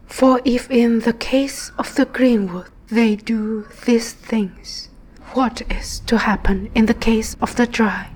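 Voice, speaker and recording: A woman voicing a gentle, sorrowful grown man in a devotional scripture reading, speaking softly and often dropping into a whisper. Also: extremely high pitch, fairly even intonation, takes it slowly, exaggerated voice, poor audio. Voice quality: soft, partly whispered.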